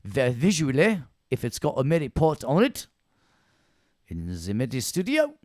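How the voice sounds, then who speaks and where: A man doing a put-on British accent, playing a pompous lecturer in a stately, drawn-out way. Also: medium pitch, wildly swooping pitch, darkish tone, no echo, studio quality, pitched above the performer's own voice.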